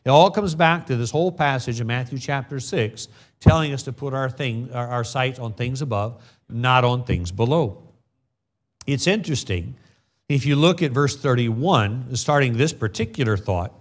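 A middle-aged man from the United States preaching a sermon. He reads scripture in a slow, measured way, then drifts into folksy personal stories as a pastor. His voice sits at a moderate pitch for a man.

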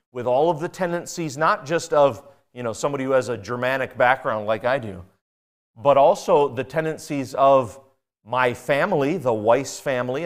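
A man preaching a sermon as pastor, emphatic and repeating key phrases, asking the congregation questions and dropping from loud stresses to quiet asides. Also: a little high.

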